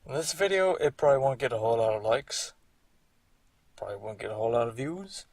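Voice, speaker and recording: A man's voice: mid-range voice, animated, fast talker, a little mellow, no room sound, recorded from a distance. A man giving rambling, casual commentary on his own series, repeating himself and swearing now and then.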